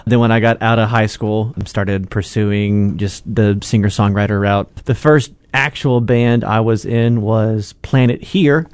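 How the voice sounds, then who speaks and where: A young male musician speaks plainly and earnestly in a low voice. The recording is dry and close, with no room sound. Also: fairly even intonation, measured pace, few pauses, clear, resonant tone, no echo. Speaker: singer-songwriter in a band, interview guest. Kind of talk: casual interview answers.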